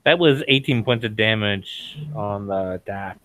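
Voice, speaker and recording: A man's voice: lowish voice, unhurried, fairly bright tone, no echo, low-quality recording. A man playing a tabletop game, methodical as he works through his turn. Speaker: player.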